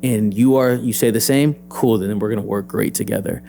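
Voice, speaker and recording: A young adult man, an actor and PE teacher, telling his story as an interview guest, lively and acting out the voices he quotes. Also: fairly low pitch, a little fast, creaky.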